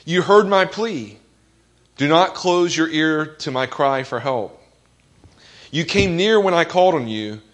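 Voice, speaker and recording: A man's voice: on the high side, lively intonation, unhurried, a bit bright. A man preaching a sermon as pastor, earnest, asking the congregation questions and quoting scripture with rising emphasis.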